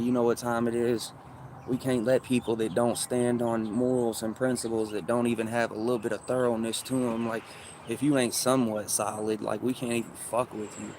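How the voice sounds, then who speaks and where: A man's voice: mid-range voice, a little mellow, slight background noise. A man livestreaming and chatting casually with viewers, rambling in loose, profane street slang.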